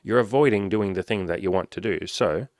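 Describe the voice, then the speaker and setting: In a casual talking-head video, a dating coach with a lowish, slightly mellow voice talks fairly quickly, reading out viewer comments and answering them with blunt advice. He swears freely, and the studio-quality audio has no room sound.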